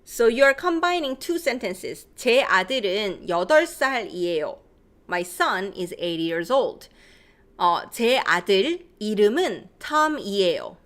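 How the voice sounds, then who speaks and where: A woman's voice: mid-range voice, sing-song, quick pace, fairly bright tone. A woman from Korea with a Korean accent, teaching a live-streamed language lesson, reading out viewers' questions and explaining in English with Korean examples.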